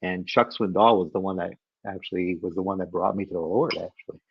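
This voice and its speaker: A man's voice: low-pitched, steady tone, a little fast, breathy edge, dry recording, lo-fi sound. A man in his fifties, a guest from the Chicago area, telling a personal story with many restarts and laughing at himself.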